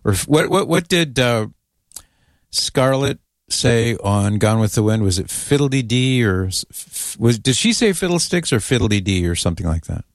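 A man's voice: medium pitch, very animated, moderate pace, no echo, clean studio sound. A man hosting a casual call-in radio show, friendly and joking with callers and his co-host.

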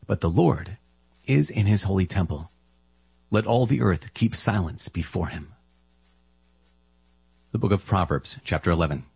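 A man reading scripture aloud in a measured, solemn way, then praying. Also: low voice, lively intonation, gravelly, darkish tone, breathy edge, no echo. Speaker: Bible reader.

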